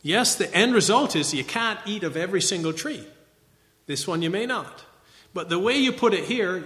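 A man's voice: sits high, lively intonation, moderate pace, fairly bright tone, big-room sound. A man giving a conversational Bible teaching lecture, often checking in with a rhetorical "right?".

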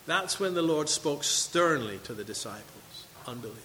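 A man's voice: fairly high pitch, animated, normal speed, few pauses, pushed and bright, long reverb tail, slight background noise, rough recording. A man preaching a sermon to his congregation, reading scripture and asking questions. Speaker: pastor. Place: church sanctuary.

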